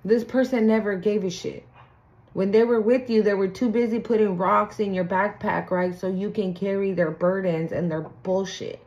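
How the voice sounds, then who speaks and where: A woman's voice: medium pitch, fairly even intonation, normal speed, darkish tone, lo-fi sound. A woman doing a casual spiritual tarot reading, blunt and profane, acting out the people she talks about. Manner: blunt, profane, acts out quoted people in sing-song voices. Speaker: tarot reader.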